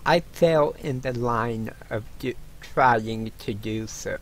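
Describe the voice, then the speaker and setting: A man voicing the rueful ghost of a fallen noble warrior, speaking in an earnest, halting way. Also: mid-range voice, fairly bright tone, low-quality recording.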